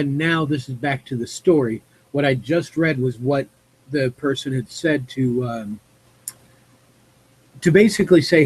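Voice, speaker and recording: A man hosting a live stream reads a news article aloud and breaks off to give his opinion. His voice is husky and fairly high for a man. He rambles, fills pauses with "uh", and corrects himself mid-word. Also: poor audio. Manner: rambling, with fillers and self-corrections.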